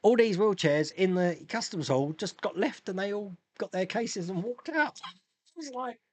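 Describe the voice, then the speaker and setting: A man in his fifties from England hosts a casual live stream, chatting and reading out viewer comments in an animated way with frequent laughs. His voice is high, at normal speed. The recording is dry.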